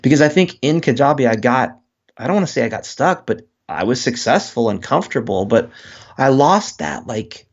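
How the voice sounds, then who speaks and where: Gravelly earnest man, candid. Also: mid-range voice, lively intonation, normal speed, highs cut off. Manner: earnest, open, candid with frequent restarts. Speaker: guest author. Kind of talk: reflective interview talk.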